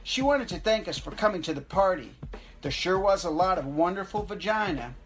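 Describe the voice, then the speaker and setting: This is a stoned young man, cocky and crude, who drawls and teases, as a woman reading a story puts him on. The voice sits fairly high and a little louder than the narration. Faint music plays behind. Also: expressive, brisk. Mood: boastful.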